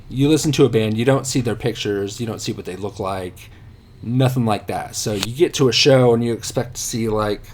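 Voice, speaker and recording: A man's voice: fairly low pitch, a little mellow, a little hiss or hum. A man telling rambling, profane stories about himself as a podcast guest. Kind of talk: casual podcast storytelling.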